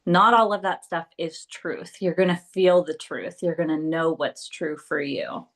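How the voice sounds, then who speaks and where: Woman podcast cohost, sincere and encouraging, lowish voice. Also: steady tone, measured pace, a bit bright. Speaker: podcast co-host. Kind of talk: casual spiritual chat.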